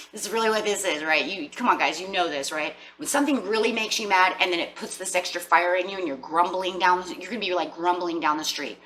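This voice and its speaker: A woman with a bright, slightly low voice gives a casual tarot reading to her viewers. She talks in a chatty, animated way and keeps dropping into quoted inner voices. A faint hum runs underneath. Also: brisk, rough recording. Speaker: tarot reader.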